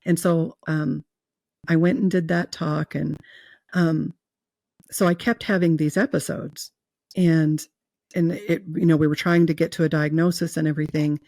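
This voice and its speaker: A woman's voice: low voice, level tone, moderate pace, creaky, dark tone, no echo. A woman guest earnestly telling a personal story in an interview, with fillers and restarts. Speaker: guest telling her near-death experience.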